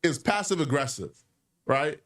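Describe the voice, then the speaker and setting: Man, commentary video, high voice, very lively pitch, opinionated, mocking impressions. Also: a little slow, far from the mic. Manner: animated and opinionated, mimics others' voices. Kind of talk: hip-hop commentary video.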